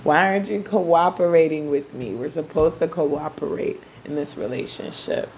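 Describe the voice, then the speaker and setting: A woman's voice: low voice, normal speed, darkish tone, slight background noise. A woman voicing the planet Venus as a pushy, pleasure-loving figure who is fussy about looks, in a bubbly, teasing, complaining way.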